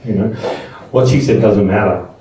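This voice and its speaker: A man's voice: lowish voice, normal speed, mellow, a little hiss or hum. A middle-aged man giving a conversational, anecdote-filled talk to a live audience in a room at a Buddhist seminar. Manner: conversational and anecdotal, with frequent restarts. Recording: very echoey room, voice from far off.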